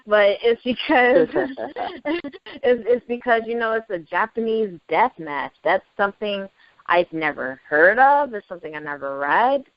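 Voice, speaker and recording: A woman chatting casually as a podcast co-host, excitable and gushing, laughing often. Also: mid-range voice, a little slow, no room sound. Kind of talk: casual chat. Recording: dry lo-fi recording.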